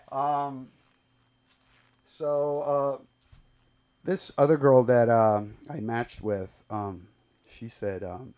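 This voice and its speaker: A man's voice: fairly low pitch, a little mellow. A man doing a stand-up set at an open mic, telling rambling, profane stories full of fillers and restarts. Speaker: stand-up comedian. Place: live comedy club stage.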